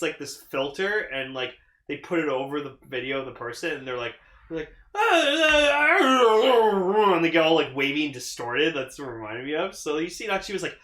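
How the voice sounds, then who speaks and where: Excitable young man in an echoey room. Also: a little high, fast. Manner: excitable, swears a lot, acts out characters' lines. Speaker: podcast co-host. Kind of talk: casual chat recapping an episode.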